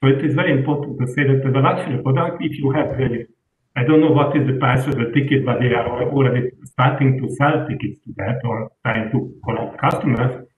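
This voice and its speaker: A man speaking as a panelist in an online roundtable, halting and searching for words. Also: medium pitch. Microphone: video call. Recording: tinny distant call audio in an echoey room.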